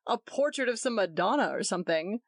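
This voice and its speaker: A smug, jovial man who needles with easy irony and climbs higher when offended, as a woman reading a story puts him on. His voice swings widely in pitch. It sounds close and dry. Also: expressive, brisk, no room sound. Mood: mocking. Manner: jovial then indignant.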